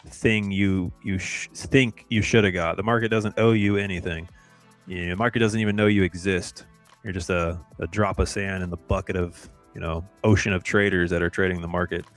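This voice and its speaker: A man with a fairly low voice co-hosts a live trading stream, speaking in a casual, laid-back way. He repeats words and lets his phrases drawl, with faint music playing behind him.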